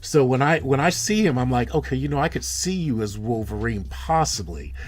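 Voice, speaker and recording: A man's voice: mid-range voice, expressive, a little fast. A man co-hosting a casual live stream about movies, rambling and restarting his sentences. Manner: rambling, restarts often, laughs at himself. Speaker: co-host.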